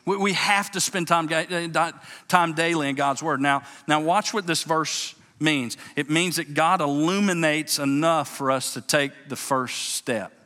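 A male pastor with a fairly high, sharp voice preaches unhurriedly in a church sanctuary, whose large space creates a long reverb. He's emphatic, repeating and restarting his words and saying "watch this" again and again.

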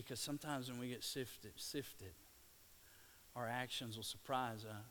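A man from Louisiana, preaching a sermon and swinging between hushed, slow passages and loud, excited bursts. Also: mid-range voice, a little hiss or hum. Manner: dynamic, swings from hushed to shouting. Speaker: pastor.

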